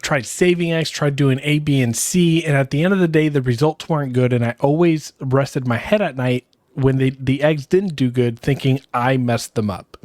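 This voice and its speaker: A man's voice: medium pitch, darkish tone, dry recording. Candid male podcast co-host, dry sound. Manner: reflective, candid, with fillers. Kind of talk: casual podcast chat.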